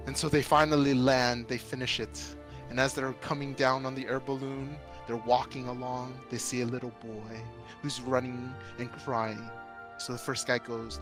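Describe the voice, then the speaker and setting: A man's voice: medium pitch, steady tone, moderate pace, over music. A man casually telling a long joke to friends during a game, slipping into little voices. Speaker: gamer telling a joke on a stream.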